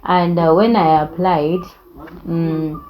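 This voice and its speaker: A woman's voice: on the low side, fairly even intonation, slow, highs cut off. A young woman, telling her life story in an earnest, reflective way. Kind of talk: personal storytelling.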